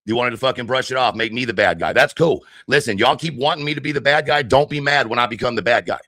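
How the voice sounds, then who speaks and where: A furious man rants into a close, dry microphone, hurling insults and challenges. His voice sits at an ordinary middle pitch. The delivery is confrontational and profane throughout. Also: fast, bright, forceful tone, dry recording. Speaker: livestreamer. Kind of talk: angry livestream rant.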